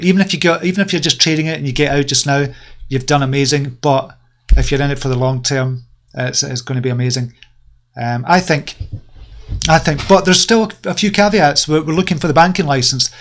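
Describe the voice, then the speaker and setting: A man's voice: fairly high pitch, steady tone, brisk. A man hosting a live crypto market stream, chatting casually and reading out viewer comments, upbeat and enthusiastic, rambling with plenty of fillers. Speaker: crypto channel host.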